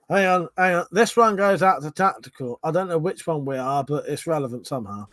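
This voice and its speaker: A man hosts a late-night live stream, a little tipsy and chatting freely with his viewers. He laughs easily and swears casually, and his voice sits slightly high for a man. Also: a bit bright. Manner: loose, laughing, swears freely, reads chat aloud.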